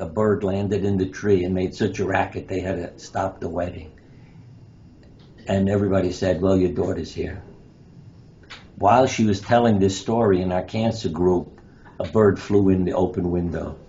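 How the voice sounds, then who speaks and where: Deep-voiced man telling stories, dull lo-fi sound. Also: steady tone, moderate pace, a little mellow. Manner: anecdotal, acts out quoted lines. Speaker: guest, pediatric surgeon and author. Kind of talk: interview storytelling. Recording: dull lo-fi sound with faint noise.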